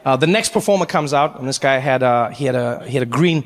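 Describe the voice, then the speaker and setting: A man telling a story in a stand-up comedy set, animated and acting out each character. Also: mid-range voice, fast talker, big-room sound. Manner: animated, acts out every character.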